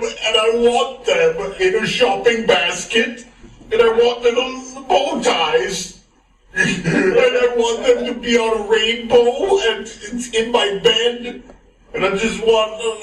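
Man doing an awkward, giggly store manager, very slow, echoey and distant. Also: sits high, a bit bright. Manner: rambling, giggly, keeps apologizing. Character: nervous awkward male night shift supermarket manager. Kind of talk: comedic web video monologue. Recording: echoey room played from far off, faint noise.

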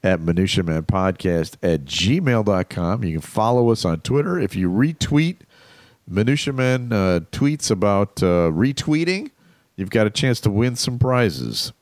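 A man's voice: on the low side, animated, a little slow, darkish tone, no room sound, clean studio sound. A man co-hosting a podcast, chatting casually and joking with loose, trailing sentences. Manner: laid-back, joking, trailing off. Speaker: podcast co-host. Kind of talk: casual chat.

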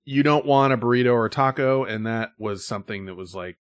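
A man's voice: medium pitch, a little fast, smooth, dry recording, studio quality. A man hosting a podcast in casual chat, rambling with many fillers as he sets up stories. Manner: rambling, filler-heavy storytelling. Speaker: podcast host.

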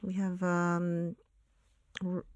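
A woman's voice: on the low side, monotone, extremely slow, no room sound. A woman co-hosting a film podcast in a casual, rambling chat full of fillers, with a groggy morning voice. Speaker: podcast co-host.

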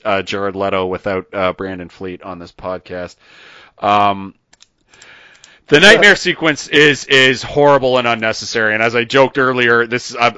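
A man's voice: medium pitch, sharp tone, clear, resonant tone, dry recording. A man hosting a podcast, ranting in casual chat and laughing often. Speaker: podcast host. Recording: dull lo-fi dry podcast mic.

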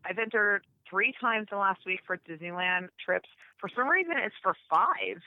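A woman's voice: mid-range voice, animated, moderate pace, no room sound, narrow, tinny audio. A woman co-hosting a casual chat show, blunt and emphatic, swearing freely. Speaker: podcast co-host.

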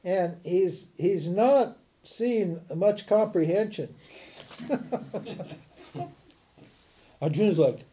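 Mellow-voiced man teaching, animated and laughing. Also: high voice, drawn-out words, long pauses, slight background noise. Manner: animated and chatty, laughs often, frequent restarts. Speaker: spiritual teacher. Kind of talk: informal lecture to a class.

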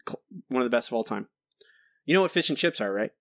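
A man's voice: mid-range voice, expressive, quick pace, vocal fry, fairly bright tone, no echo. A man co-hosting a podcast, playfully sarcastic and mock-explaining jokes. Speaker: podcast co-host. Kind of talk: casual chat. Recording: dry podcast mic.

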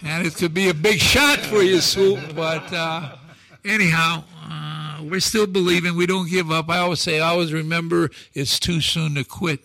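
Gravelly, fired-up older male storyteller. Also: a little high, fairly even intonation, moderate pace. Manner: acts out dialogue with shouted quotes, emphatic. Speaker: motivational speaker, talk show guest. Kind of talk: animated storytelling on a talk show.

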